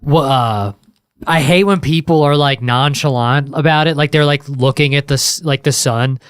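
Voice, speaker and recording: A man talking as a podcast guest, a mail carrier who vents about the job and mocks customers in quick quoted lines. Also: a little high, clean tone, no room sound, clean studio sound. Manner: laid-back, swearing, mocking customers in put-on quotes. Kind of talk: casual chat.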